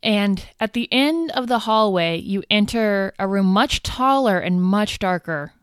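A woman's voice: mid-range voice, animated, measured pace, smooth, no room sound, studio quality. A woman narrating a tabletop game as game master, playful and upbeat.

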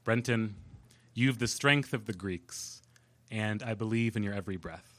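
A man quoting a woman's gentle farewell in a soft, slow, hushed voice. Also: fairly low pitch, close to an everyday voice. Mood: tender. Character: calm, tender woman saying goodbye.

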